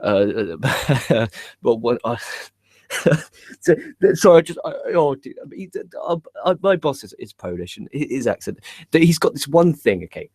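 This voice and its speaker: A young man co-hosting a wrestling news show, chatting live in a rambling, excitable, profane way. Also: mid-range voice, a little slow, no echo, clean studio sound.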